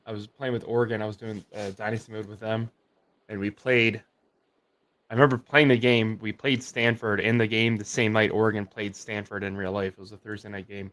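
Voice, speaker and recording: Animated young man telling game stories. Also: fairly low pitch, brisk. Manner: animated storyteller, many "like" fillers. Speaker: co-host. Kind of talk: casual chat on a sports livestream.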